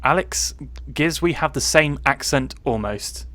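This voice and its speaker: A man's voice: on the high side, lively intonation, a little slow, a bit bright. A man with a Cornish accent, chatting playfully on a livestream and tripping over tongue twisters. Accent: Cornish English. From Cornwall, England. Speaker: livestream co-host. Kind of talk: casual chat.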